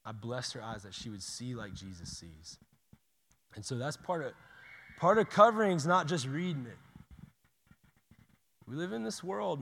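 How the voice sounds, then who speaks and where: A man preaching a sermon in a casual, conversational way, swinging from loud urgent bursts to hushed near-whispers. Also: medium pitch, in a large hall. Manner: casual and conversational, says "y'all" and "dude".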